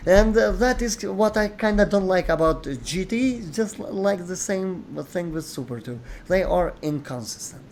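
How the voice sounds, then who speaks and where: A man's voice: sits high, lively intonation, moderate pace, hardly any pauses, darkish tone, slight background noise. Opinionated man arguing his case. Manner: opinionated, explains at length, quotes characters. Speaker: host. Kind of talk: casual discussion.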